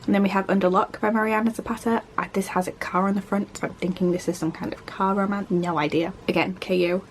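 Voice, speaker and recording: A woman chatting casually as a book vlogger, rambling quickly and poking fun at herself. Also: on the low side, a little hiss or hum. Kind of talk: casual chat.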